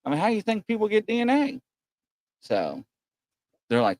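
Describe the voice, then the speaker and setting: A man's voice: high voice, wildly swooping pitch, normal speed, dry recording. A man from Kentucky hosting a podcast, chatting in a joking, rowdy way. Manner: joking, rowdy, laughs a lot. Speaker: host. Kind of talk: casual podcast chat.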